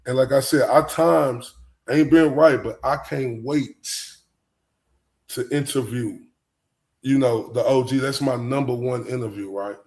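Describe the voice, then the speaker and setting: A man's voice: medium pitch, unhurried, darkish tone. Rambling man hosting a livestream. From Texas. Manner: rambling, slang-heavy, breaks into laughter often. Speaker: livestream show host. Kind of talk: casual livestream chat.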